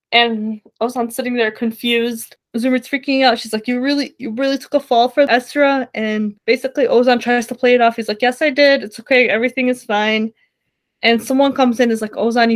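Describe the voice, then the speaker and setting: A young woman co-hosting a podcast, giggling as she recaps a show in casual chat and acts out the characters' lines. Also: fairly high pitch. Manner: giggly, animated storytelling with acted quotes. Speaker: podcast co-host.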